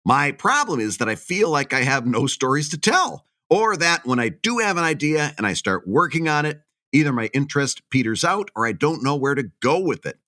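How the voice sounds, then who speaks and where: A man's voice: on the high side, big pitch swings, moderate pace, hardly any pauses, sharp tone. A man co-hosting a podcast, joking around and reading a listener question aloud in casual chat. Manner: laughs a lot, jokey. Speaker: podcast co-host.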